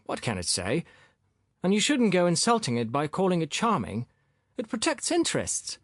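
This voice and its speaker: A man's voice: high-pitched, wildly swooping pitch, normal speed, no room sound, studio quality, voice pushed up, full character voice. A man putting on a cocky, boorish young upstart. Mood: self-righteous. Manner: cocky, indignant, sullen.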